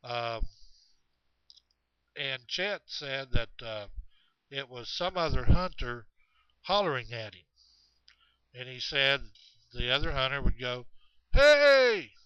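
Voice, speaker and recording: A man telling a long story about hunters in the woods, halting often with fillers and restarts. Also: mid-range voice, pushed and bright, clean tone, no room sound. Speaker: storyteller of Bigfoot encounters. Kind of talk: rambling spoken storytelling. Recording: dull, muffled recording.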